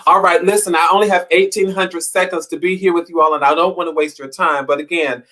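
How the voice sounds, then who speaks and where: A man's voice: fairly high pitch, steady tone, fast, pushed and bright. Preacherly man, rising and falling emphasis. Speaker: motivational show host. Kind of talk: inspirational talk to viewers.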